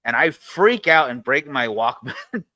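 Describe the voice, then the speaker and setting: A man with a bright, tense voice, chatting casually as a podcast host. He tells a story in a relaxed way. The sound is dry and close. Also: mid-range voice, moderate pace, dry recording. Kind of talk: casual chat.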